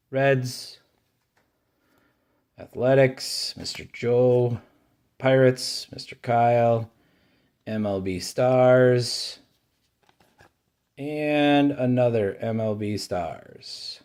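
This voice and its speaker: A man hosting a card-opening video, speaking at an unhurried pace and in a middle register. He names each card as it comes out and gives dry opinions. His pitch jumps up when a card he likes turns up. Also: smooth. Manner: unhurried, listing cards one by one, dry opinions; brightens and rises in pitch over favorite-team pulls. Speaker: card-collecting channel host. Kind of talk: casual pack-opening commentary.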